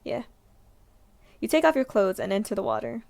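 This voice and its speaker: A young woman streamer reading a visual novel aloud, giggling and reacting with animated outbursts. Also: fairly high pitch, normal speed, creaky, pauses often. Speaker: gaming streamer.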